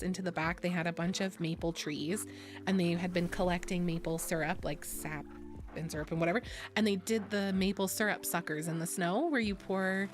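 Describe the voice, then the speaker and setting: A young woman from Ontario, chatting casually with her stream audience. She is blunt, laughs often and swears freely. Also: medium pitch. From Ontario, Canada. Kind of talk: casual chat.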